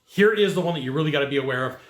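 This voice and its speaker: A man's voice: fairly high pitch, animated, very fast, echoey room. Emphatic man giving blunt job advice. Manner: direct and repetitive, emphatic with rhetorical asides. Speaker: channel host giving career advice. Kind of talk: casual advice monologue.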